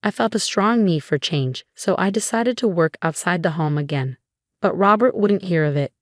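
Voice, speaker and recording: A woman narrating a first-person story in a steady, even reading voice. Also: deep voice, normal speed, dry recording, studio quality.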